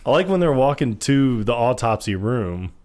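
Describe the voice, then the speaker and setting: A man's voice: mid-range voice, sing-song, moderate pace, darkish tone. Podcast guy laughing a lot, quoting movie lines, voice swoops all over. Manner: laughs often, quotes film lines. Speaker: podcast co-host. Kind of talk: casual chat reviewing a film.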